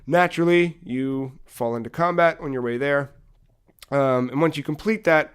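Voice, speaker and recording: A young man co-hosting a casual podcast, retelling a video game story with lively acted-out dialogue and frequent swearing. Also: fairly high pitch, moderate pace, smooth. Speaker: podcast co-host.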